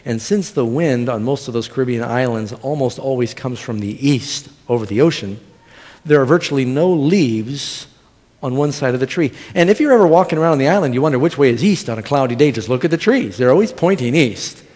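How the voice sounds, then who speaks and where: With a medium-pitched, slightly mellow voice, brisk pace and lively intonation, this middle-aged pastor delivers a sermon. He mixes humorous storytelling with questions for the congregation, his words echoing with the long reverb of the church sanctuary.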